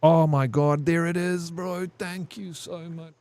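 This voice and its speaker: A man's voice: fairly high pitch, steady tone, unhurried, darkish tone, no room sound. Rambling, profane male game streamer. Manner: rambling, profane, says "bro" a lot. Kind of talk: casual storytelling over gameplay.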